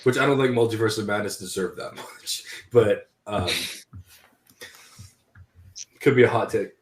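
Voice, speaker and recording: A man's voice: fairly low pitch, brisk, slight background noise. A man joking around in a casual podcast chat from home, rambling with a lot of "like".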